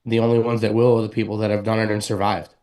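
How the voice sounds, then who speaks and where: A man co-hosting a talk show, speaking earnestly and haltingly as he gives heartfelt advice. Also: lowish voice, little pitch movement, a little mellow. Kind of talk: casual talk show chat.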